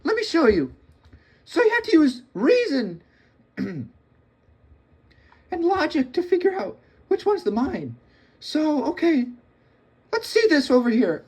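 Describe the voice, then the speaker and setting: A man voicing a nervous, eager teenage boy from a cartoon, high and stammering. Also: takes it slowly, long pauses, full character voice. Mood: excited. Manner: stammering, high-pitched and excitable. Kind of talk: comedic cartoon impression.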